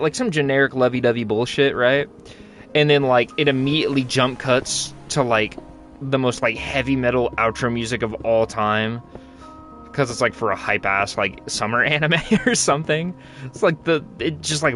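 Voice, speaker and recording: A man's voice: mid-range voice, moderate pace, fairly bright tone. Slangy young man rambling over game music. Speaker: gaming channel host. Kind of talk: casual gameplay commentary.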